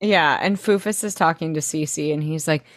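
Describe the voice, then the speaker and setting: Low-voiced southern gal recapping a tv episode, lively, dry close mic. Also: female voice, moderate pace, no echo. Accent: Southern American. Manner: animated retelling, quoting characters. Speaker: podcast co-host. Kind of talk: casual recap chat.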